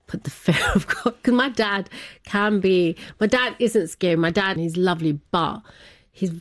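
A woman's voice: mid-range voice, normal speed. A woman guest recounting a personal family story in casual conversation, laughing often and acting out what people said. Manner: chatty, laughs often, acts out quotes. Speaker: interview guest.

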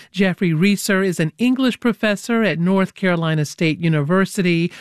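A woman's voice: fairly low pitch, no echo. A woman hosts a public radio interview show in the studio, friendly and teasing with her guests.

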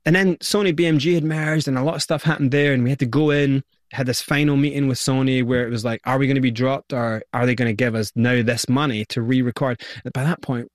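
A man's voice: mid-range voice, brisk, no room sound, studio quality. A man, a guest in an interview, telling his story animatedly and acting out the people he quotes. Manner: animated, acts out quoted voices.

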